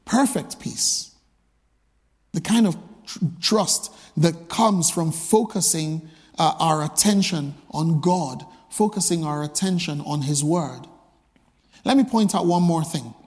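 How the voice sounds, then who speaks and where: A man's voice: on the high side, unhurried, darkish tone, big-room sound. A male pastor preaching a sermon, emphatic and full of rhetorical repeated questions.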